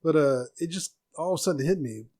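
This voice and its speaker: A soft-spoken man hosting a casual solo podcast from a room at home, rambling with restarts. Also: fairly high pitch, animated, fast. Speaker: podcast host.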